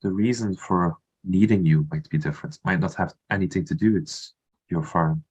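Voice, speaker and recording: Deep, husky man questioning the plan. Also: normal speed, darkish tone, muffled recording. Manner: skeptical, keeps questioning. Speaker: tabletop game player. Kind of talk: casual chat at a game table.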